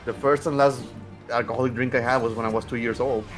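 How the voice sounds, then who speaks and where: A man's voice: mid-range voice, steady tone, quick pace, music in the background. A man from Mexico chatting on a live game stream over voice chat, rambling and joking, swearing casually.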